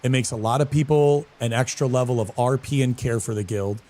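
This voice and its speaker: A man live-streaming a game, chatting casually with viewers in a slangy, animated way and answering chat messages. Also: mid-range voice, brisk. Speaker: streamer and guild leader.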